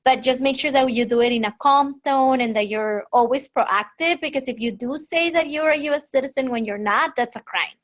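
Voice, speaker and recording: A woman's voice: sits high, brisk, hardly any pauses. A woman panelist giving earnest advice in a webinar discussion. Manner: earnest, advising.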